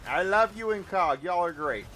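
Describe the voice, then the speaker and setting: A man's voice: high voice, animated, normal speed, a bit bright, a little hiss or hum. A man streaming a game live, chatting casually and thanking viewers as he plays.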